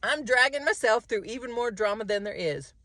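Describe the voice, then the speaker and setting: A middle-aged woman in a casual self-reflective monologue, animated and talking to herself. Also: on the high side, fairly quick, dry recording. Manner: animated, talks to herself, mimics others' voices. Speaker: vlogger.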